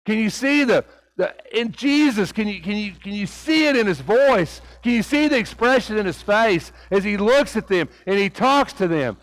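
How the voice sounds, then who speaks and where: A man preaching a sermon, asking his congregation rhetorical questions and swinging between hushed and raised delivery, with a light Oklahoma Southern accent. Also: high voice, animated, moderate pace, no room sound, poor audio.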